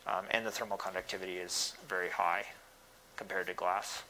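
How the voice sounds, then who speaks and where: A man's voice: low voice, flat delivery, brisk, pushed and bright, a little hiss or hum, poor audio. A man giving thoughtful, technical answers in an academic Q&A, with many small hesitations. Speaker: guest speaker answering questions.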